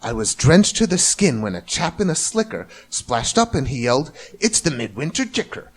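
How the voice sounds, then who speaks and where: A man reading a rhyming children's book aloud in a lively, sing-song storytelling manner. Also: medium pitch, normal speed. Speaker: reader.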